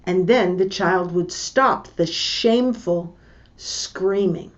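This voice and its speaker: A middle-aged woman teaching a lesson, telling a family story slowly and deliberately and acting out the voices of the people in it. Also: on the low side. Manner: slow, deliberate, acts out the voices in her story. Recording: dull lo-fi recording.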